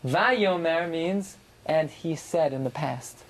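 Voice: medium pitch, slow, slight background noise, rough recording. A Torah teacher giving a verse-by-verse Bible class, reading Hebrew phrases and translating each into English with dramatic emphasis. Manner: dramatic, swings sharply up for emphasis.

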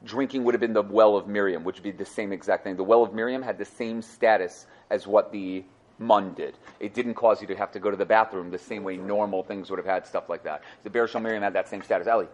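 A man's voice: on the low side, steady tone, quick pace. A man teaching a Torah class, explaining sources to students with rhetorical questions and repeated phrases. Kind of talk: lively explanatory class talk.

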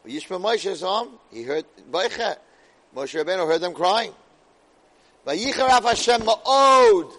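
A man with a high voice teaches a class on the weekly Torah portion. He moves between Hebrew verses and English explanation. His delivery rises to loud outbursts and drops to near whispers. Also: animated, moderate pace, low-quality recording. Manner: dramatic, swings loud and soft, weaves Hebrew verses into English. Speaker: Torah lecturer.

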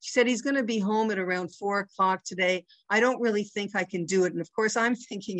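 Woman with a Canadian accent, mid-pitched, giving a chatty Torah class, dry close sound. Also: brisk, few pauses, no echo. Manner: conversational, checks in with "right?" and "you know". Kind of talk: informal religious lesson.

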